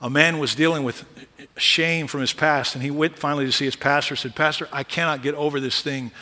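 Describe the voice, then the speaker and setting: A male pastor preaching a sermon, moving from quiet asides to loud, emphatic peaks. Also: a little high, steady tone, brisk, long reverb tail.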